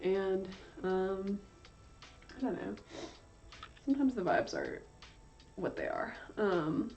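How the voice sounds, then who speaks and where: A young woman draws on a livestream and chats casually, rambling with plenty of fillers and correcting herself as she goes. Her medium-pitched, darkish voice swoops wildly in pitch, with vocal fry, a slow pace and long pauses. The stream audio is slightly dull and lo-fi.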